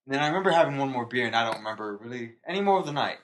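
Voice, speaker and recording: A man's voice: mid-range voice, lively intonation, very fast, a bit bright. A young man co-hosting a podcast, telling a story in casual, rambling chat and laughing at himself. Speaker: podcast co-host.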